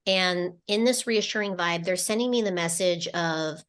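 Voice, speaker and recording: A woman's voice: fairly low pitch, fairly bright tone. A woman co-hosting a spiritual podcast, relaying channeled messages in a casual, meandering way with lots of fillers and restarts. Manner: slow, meandering delivery with many fillers and restarts.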